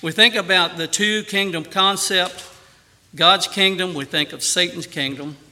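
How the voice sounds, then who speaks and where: A man preaching a sermon earnestly, with emphatic rises on key phrases and a quieter, softer voice in prayer. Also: high voice, steady tone, a little slow.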